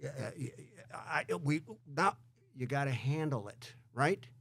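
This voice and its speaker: A male host in a conversational interview, speaking in an animated way and often repeating words as he gets going. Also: mid-range voice, slow, creaky, breathy edge. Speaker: show host.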